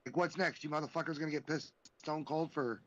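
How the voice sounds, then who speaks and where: A man's voice: on the high side, steady tone, a little fast, fairly bright tone. Ranting, profane man on a podcast. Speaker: podcast co-host. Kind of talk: casual wrestling chat. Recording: dull lo-fi sound.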